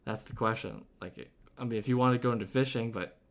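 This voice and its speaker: A man's voice: mid-range voice, fast talker. A young man chatting casually on a game stream, rambling through answers to chat with lots of fillers and restarts.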